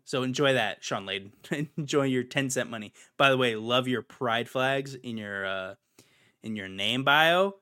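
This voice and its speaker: A man's voice: mid-range voice, a little slow, bright, forceful tone. A young adult man hosting a podcast, chatting casually and ranting emphatically, repeating his points. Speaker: podcast host.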